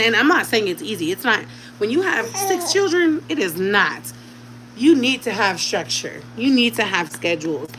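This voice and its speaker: A woman's voice: mid-range voice, a bit bright, a little hiss or hum, low-quality recording. A woman in her thirties, a mother talking casually at home to her channel's viewers, chatty and direct with them. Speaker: vlogger. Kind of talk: casual chat to camera.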